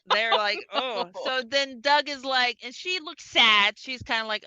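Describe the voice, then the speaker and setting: Bright, crisp woman podcaster. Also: unhurried, no room sound, highs cut off. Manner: acts out characters, drops low for men. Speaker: podcast co-host. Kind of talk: casual chat recapping a film.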